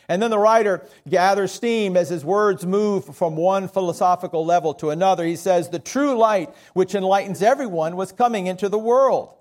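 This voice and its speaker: A man's voice: high-pitched, darkish tone. A middle-aged man with a Southern US accent preaching a sermon as pastor, folksy and self-deprecating.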